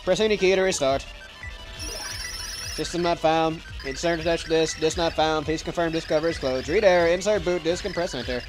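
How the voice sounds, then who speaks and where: A man's voice: a little high, a little fast, close to an everyday voice, low-quality recording. A man playing a stiff robotic dragon guardian. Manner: stiff computer-like announcing. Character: booming robotic dragon guardian, stern and formal. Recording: game music behind.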